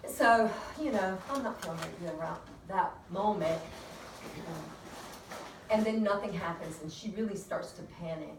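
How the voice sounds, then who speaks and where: A woman's voice: mid-range voice, normal speed. Chatty midwife woman, from a distance. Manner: chatty, laughs often, many restarts. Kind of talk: casual storytelling at a peer review. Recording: roomy, distant and noisy room recording.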